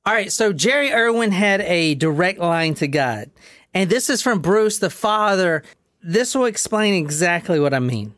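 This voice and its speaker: A man's voice: high-pitched, expressive, normal speed, fairly bright tone, dry recording, studio quality. A man hosting a casual podcast, telling a true-crime story in a wry, dramatic way and reading quotes aloud.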